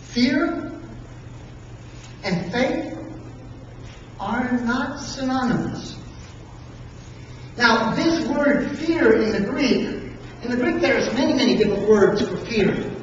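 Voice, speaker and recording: Preacher, unhurried sermon, dramatic storytelling, booming hall echo, distant mic, dull lo-fi sound. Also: animated, a little hiss or hum. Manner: dramatic storytelling with emphatic pauses. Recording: echoey hall from far off, dull and lo-fi.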